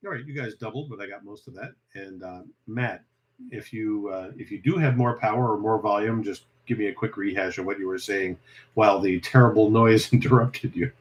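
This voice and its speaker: A man's voice: lowish voice, fairly quick, highs cut off. A man acting as net control on an amateur radio net, chatting casually and laughing easily.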